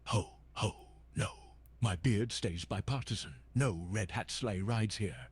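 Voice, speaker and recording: A text-to-speech male voice playing a jolly old Santa Claus chatbot, reading his stage directions aloud in a steady, husky patter. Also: fairly low pitch, unhurried.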